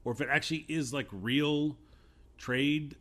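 A man's voice: a little high, a little slow. A man with a New York accent in a casual sports chat, cracking sarcastic jokes. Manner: sarcastic, jokey, animated. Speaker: podcast co-host.

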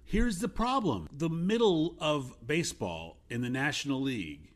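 A man's voice: a little high, normal speed. A man with a New York accent in a casual sports chat, cracking sarcastic jokes. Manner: sarcastic, jokey, animated. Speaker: podcast co-host.

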